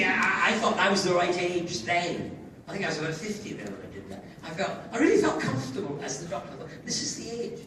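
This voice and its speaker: An older Scottish man telling animated, laughing anecdotes as a guest on a fan convention panel. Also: high voice. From Scotland. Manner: animated, laughing, slips into impressions. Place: large indoor convention hall. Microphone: audience camcorder from far off. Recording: echoey hall, far off, crowd noise.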